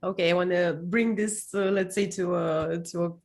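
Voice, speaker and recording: A woman's voice: fairly low pitch, fairly even intonation, normal speed, vocal fry, a little mellow. Hesitant woman host asking questions. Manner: hesitant, many fillers, laughs between words. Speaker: podcast host. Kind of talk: interview questions.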